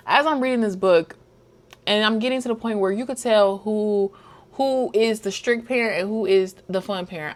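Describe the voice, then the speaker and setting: A young woman vlogger chatting casually, retelling a book's plot and acting out the characters' lines. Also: medium pitch. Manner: animated storytelling, acts out characters' lines. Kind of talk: casual chat recapping a book.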